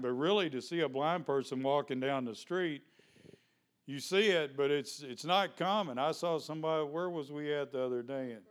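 A man's voice: a little high, clear, resonant tone. A male pastor, preaching a sermon in a conversational way, full of questions to the congregation.

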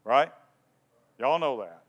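A man's voice: medium pitch, slow pace, dull audio. A man preaching a sermon, retelling a story and asking his listeners questions. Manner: storytelling, lively, asks the congregation questions. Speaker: pastor.

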